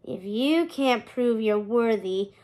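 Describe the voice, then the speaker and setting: A woman voicing a bored old skeleton ferryman of the underworld, in a deep, musty, rasping voice with slow, bland delivery. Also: animated, a little mellow.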